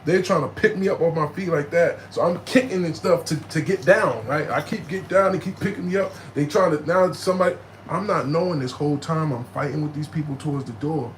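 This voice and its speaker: A man telling a story in animated, slangy street talk, jumping into loud, high bursts when he acts out quotes. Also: fairly quick, hardly any pauses, a little hiss or hum, poor audio. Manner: profane, slangy.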